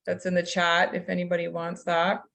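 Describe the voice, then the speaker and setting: A woman with a lowish voice hosts a casual group call. Her manner is relaxed and chatty. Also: normal speed, vocal fry.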